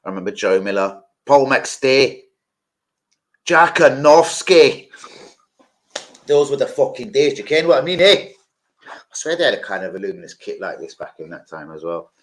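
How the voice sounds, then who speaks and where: A man's voice: fairly low pitch, lively intonation, brisk. A man hosting a live football watch-along, chatting casually, rambling off-topic and swearing freely while talking to his viewers. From London.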